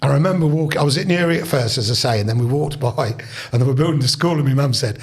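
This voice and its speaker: A man's voice: medium pitch, fast talker, breathy edge. A man in his sixties, a podcast guest, telling rambling family stories in a chatty, casual way. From England. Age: 60s. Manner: rambling, chatty, with restarts and asides. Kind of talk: casual storytelling.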